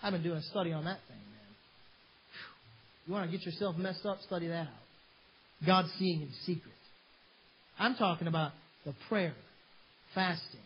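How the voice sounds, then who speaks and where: High-voiced fervent preacher, lo-fi hiss. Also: male voice. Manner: fervent, plain-spoken preaching. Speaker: pastor. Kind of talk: sermon. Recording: dull lo-fi sermon recording with faint hiss.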